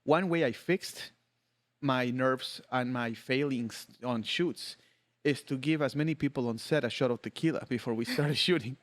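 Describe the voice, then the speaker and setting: A man's voice: mid-range voice, moderate pace. A man hosting a podcast, chatting casually and joking with his guest, laughing often. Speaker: podcast host. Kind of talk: casual interview chat.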